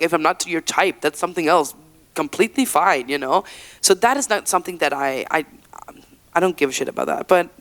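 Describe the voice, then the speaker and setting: A fairly low, slightly bright voice belongs to a singer in her 30s from the Faroe Islands, interviewed indoors at an event venue. Chatty and open, she keeps saying "like," restarts often, and acts out what people said.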